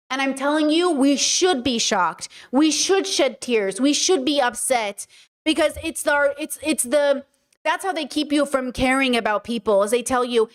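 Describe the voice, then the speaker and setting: Addressing her stream's chat, a high-pitched woman speaks at a moderate pace. Her commentary is impassioned and earnest, taking on a lecturing tone.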